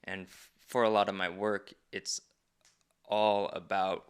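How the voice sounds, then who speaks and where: A man's voice: fairly low pitch, flat delivery, a little slow, clear, resonant tone. A man who facilitates men's groups, speaking as a podcast guest in an earnest, reflective way. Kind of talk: reflective conversation.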